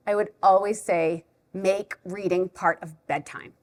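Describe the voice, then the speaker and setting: A woman who teaches preschool, giving a chatty, animated live talk to a parent audience at a library event. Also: medium pitch, moderate pace, hardly any pauses. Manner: chatty, animated, self-deprecating.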